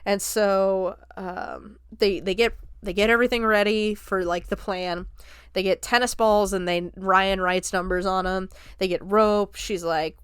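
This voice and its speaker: A woman hosting a podcast, retelling a film's plot in an animated, casual way, slipping into quick character voices and swearing freely. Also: medium pitch, smooth, no echo, clean studio sound. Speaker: podcast host. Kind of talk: casual film recap.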